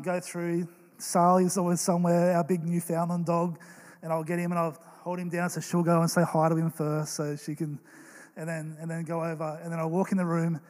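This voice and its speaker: A young man preaching a sermon as pastor, telling stories in an earnest, animated way. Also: a little high. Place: church hall. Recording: long reverb of a large hall.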